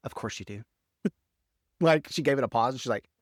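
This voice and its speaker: A man's voice: mid-range voice, quick pace, vocal fry, no echo, clean studio sound. A man co-hosting a casual recap chat, laughing often, swearing freely and reading out favorite quotes. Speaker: podcast co-host.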